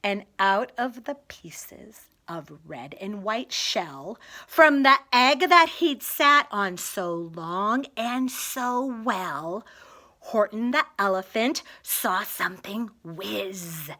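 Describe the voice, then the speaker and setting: Female storybook reader, rhythmic and expressive, unhurried, high bright voice. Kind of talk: children's story read-aloud.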